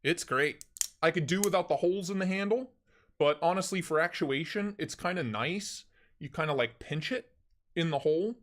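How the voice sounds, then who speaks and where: A young man hosting a live stream, chatting casually in an excitable, slangy way. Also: fairly high pitch, normal speed. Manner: excitable, slangy, loud bursts when retelling. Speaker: knife channel host.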